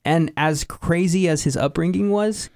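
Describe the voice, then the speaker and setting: A man co-hosting a podcast, chatting casually with a playful, deadpan teasing manner and frequent laughs. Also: on the high side, a little slow, no echo, studio quality. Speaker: podcast co-host. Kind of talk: casual joking chat.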